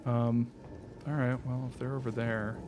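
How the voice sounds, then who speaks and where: A man's voice: medium pitch, little pitch movement, moderate pace, very noisy. A young man streaming a game, chatting in a rambling way, swearing freely and laughing often. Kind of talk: casual chat while playing.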